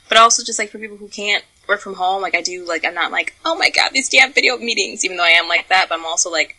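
Young woman podcast co-host; low-set, bright voice; candid, profane, storytelling delivery. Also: poor audio. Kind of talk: casual podcast chat.

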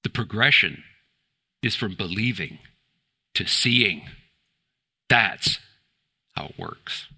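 A man preaching in a church with a very bright, forceful voice. He presses his points with rhetorical questions and rises to emphatic exclamations. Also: on the low side, lively intonation, takes it slowly, pauses often, breathy edge. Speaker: pastor. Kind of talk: sermon.

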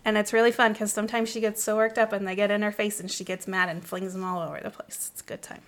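A young woman hosting a casual film podcast, talking fast and excitably and often breaking into laughter. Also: mid-range voice. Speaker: podcast host. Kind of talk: casual film-recap chat.

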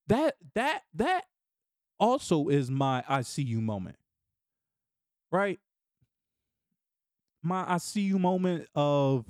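A middle-aged man hosting a casual solo podcast, animated and often laughing, dropping into low murmurs and jumping into excited high bursts. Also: slow, long pauses, no echo, clean studio sound. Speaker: podcast host.

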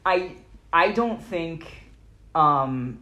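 Casual podcast host lady, low voice, bouncy delivery, lots of "like"s. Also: expressive, extremely slow, pushed and bright. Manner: chatty, many fillers and restarts. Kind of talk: casual chat.

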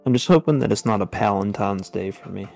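A man's voice: fairly low pitch, fast talker, vocal fry, darkish tone, soft background music. A man co-hosting a casual group chat, easygoing and joking. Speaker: co-host.

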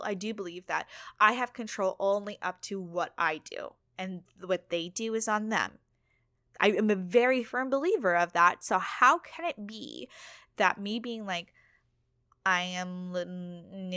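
A woman's voice: medium pitch, sharp tone, no room sound, clean studio sound. A woman hosting a solo podcast, talking casually and candidly, swearing now and then and laughing at herself. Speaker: podcast host.

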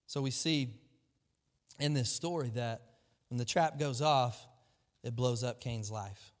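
Preaching slowly to his church in a mid-range voice, a pastor is lively and emphatic, often acting out the voices of people in his story. The large hall gives the recording a long reverb.

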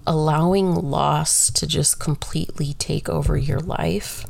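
A woman's voice: deep voice, fairly even intonation, measured pace, gravelly, a little mellow. A woman talking through a casual solo monologue, candid and rambling, swearing freely.

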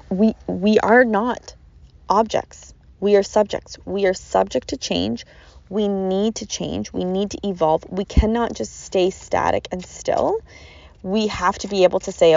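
A woman's voice: mid-range voice, creaky, darkish tone. A woman hosting a podcast, giving an earnest, rambling self-help talk that repeats its phrases, in a dull lo-fi recording. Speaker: podcast host.

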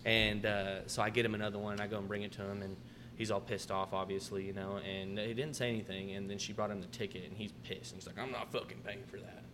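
A man's voice: fairly low pitch, level tone, fast talker, background noise. A man, hosting a podcast and telling restaurant stories in a laid-back, profane, casual way, acting out his customers. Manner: laid-back, swears freely, acts out customers' lines. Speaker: podcast host, restaurant manager. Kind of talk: casual storytelling chat.

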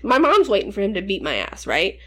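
A woman's voice: mid-range voice, huge pitch swings, a little fast. A woman in her twenties telling rambling, profane childhood stories in casual podcast chat. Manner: rambling, profane, laughing storyteller. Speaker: podcast co-host.

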